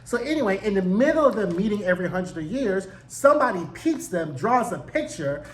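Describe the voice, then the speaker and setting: A man giving a casual, slangy recap and review of a TV show, animated and full of profanity. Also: sits high, fairly quick, echoey room.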